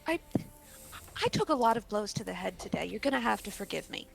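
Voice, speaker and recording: A woman's voice: medium pitch, very animated, brisk, vocal fry, breathy edge, low-quality recording. A woman player in a tabletop game, talking in a playful, rambling way. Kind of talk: casual tabletop play.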